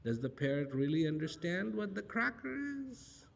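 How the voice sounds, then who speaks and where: A man delivering a storytelling talk to an audience, with a slightly raised pitch. He leans on rhetorical questions and emphatic repetition. His voice carries a long reverb from a large auditorium. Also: sing-song, moderate pace, vocal fry. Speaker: spiritual speaker.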